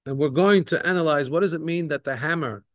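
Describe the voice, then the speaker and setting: A man's voice: fairly high pitch, brisk, no echo, studio quality. A man, a rabbi, giving an earnest, explanatory lesson and often rephrasing his points. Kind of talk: Torah lesson.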